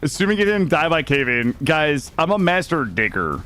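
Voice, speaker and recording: A man streaming a survival game live, chatting with viewers in an excitable, jokey way and arguing his case to chat. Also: on the high side, normal speed. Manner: excitable, jokey, defensive with chat, yelps and laughs. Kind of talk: live gameplay commentary.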